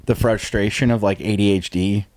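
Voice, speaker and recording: A man's voice: fairly low pitch, fairly even intonation, moderate pace, darkish tone. A young man hosting a podcast, telling a story in a loose, rambling way with lots of fillers and swearing. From Canada. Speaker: podcast host. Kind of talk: casual storytelling chat.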